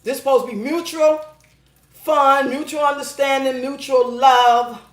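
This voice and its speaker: High-voiced blunt woman in an echoey room. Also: unhurried. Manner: blunt, profane, laughing, animated storytelling. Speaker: advice show host. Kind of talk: casual chat reading viewer comments. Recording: roomy echo.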